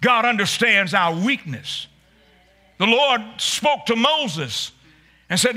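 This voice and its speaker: A man preaching a sermon, calling out to the congregation and rising into shouts, often repeating his words. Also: very high-pitched, sing-song, takes it slowly. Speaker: pastor.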